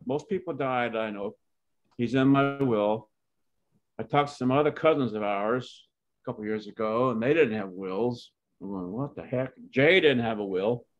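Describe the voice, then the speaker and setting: A man in his seventies from Oklahoma, USA, is interviewed about his life and tells the story in a rambling, heartfelt way, often starting over. His voice is medium in pitch and moves at a normal speed, and the audio sounds dull.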